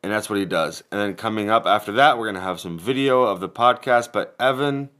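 A man's voice: lowish voice, brisk, a bit bright, smooth. A man co-hosting a podcast in laid-back, rambling casual chat. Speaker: podcast co-host.

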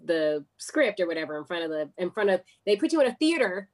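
Animated American actress telling stories. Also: female voice, on the low side, quick pace. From United States. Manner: animated, acts out quoted voices of people in her stories. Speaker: guest actress. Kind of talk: casual interview storytelling.

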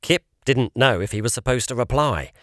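A man narrating a children's fantasy audiobook in a measured, expressive way. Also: medium pitch, no room sound, clean studio sound.

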